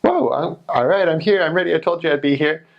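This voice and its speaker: An overexcited churchgoing woman of middle age gushes in a squeaky falsetto, as a man puts her on while telling a story. Every line comes out effusive and breathless with delight. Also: steady tone, a little fast, gravelly, lo-fi sound. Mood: overjoyed. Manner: effusive, high-pitched falsetto gushing.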